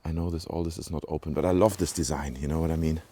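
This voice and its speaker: This vlogger's voice is extremely low and dark, with fairly even intonation, and he talks fast in a British-sounding accent. He walks around a small rural village and chats casually to his viewers, rambling through asides and fillers. It's recorded on a handheld camera as he moves.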